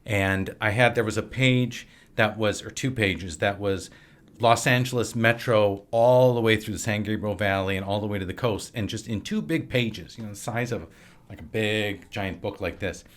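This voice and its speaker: A man's voice: on the low side, moderate pace. A man in his late forties from Wisconsin, a guest telling rambling anecdotes in casual conversation. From Wisconsin, USA. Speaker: podcast guest, filmmaker and actor. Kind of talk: casual storytelling.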